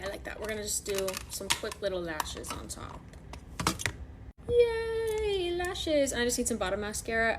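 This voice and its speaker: A woman's voice: fairly high pitch, a little hiss or hum. A woman with a slightly sick voice chatting through a makeup tutorial as she works. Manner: chatty, self-narrating while working. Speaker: makeup vlogger.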